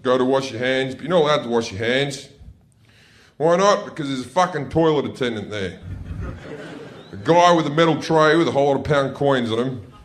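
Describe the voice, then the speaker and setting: Brash, profane stand-up from a middle-aged man at a comedy club, who bursts into shouts without warning. His voice sits in the mid-range, and there's a little background noise.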